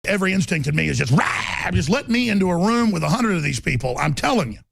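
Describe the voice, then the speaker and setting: Man, radio talk show host, fiery rant, shouting then muttering, husky and gravelly, dry studio sound. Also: big pitch swings, rapid-fire, no echo. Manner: ranting, swings from shouted outbursts to low muttering.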